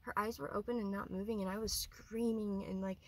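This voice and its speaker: A woman vlogger talking earnestly through a personal story, rambling and often dropping to a quiet voice. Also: medium pitch, fairly even intonation, a little fast, poor audio.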